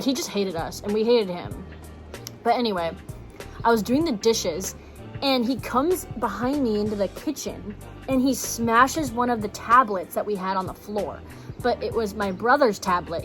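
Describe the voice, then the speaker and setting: A young woman from Texas telling a personal story in a casual vlog, blunt and swearing, full of "like" fillers. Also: medium pitch. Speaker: vlogger.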